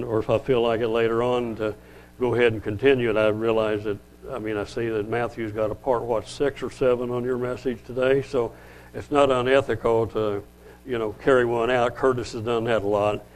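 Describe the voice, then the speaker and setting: An older man giving a conversational Bible-teaching sermon, often restarting sentences and slowing down to read scripture. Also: medium pitch, fairly even intonation, poor audio. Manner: rambling, self-correcting, conversational; slows down to read scripture aloud. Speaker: lay preacher.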